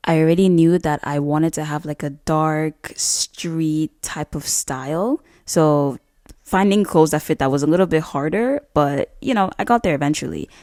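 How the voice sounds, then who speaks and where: A young woman with a low, deep-set voice gives casual advice in a vlog. She talks bluntly and swears freely, cracking jokes as she goes. The sound is dry and close, with no room around it. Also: normal speed, darkish tone, no room sound. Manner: blunt, profane, jokey. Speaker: vlogger.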